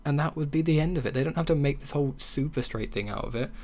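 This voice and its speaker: A man's voice: on the high side, fast, a little mellow. A young man hosting a casual solo podcast, talking bluntly with swearing and sarcastic mocking asides. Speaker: podcast host.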